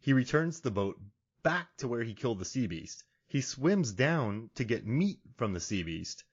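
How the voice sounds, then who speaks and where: A man hosting a comedy film podcast, retelling scenes in an animated, laughing way. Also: medium pitch, moderate pace, slightly rough. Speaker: podcast host. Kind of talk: casual comedic chat. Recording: dull lo-fi audio.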